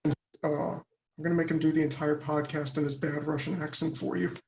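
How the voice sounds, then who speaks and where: Podcast guest, male, gravelly and monotone, halting and keen, echoey lo-fi phone audio. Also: fairly high pitch. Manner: halting, lots of fillers and restarts, enthusiastic. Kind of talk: casual interview chat. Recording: echoey dull phone call.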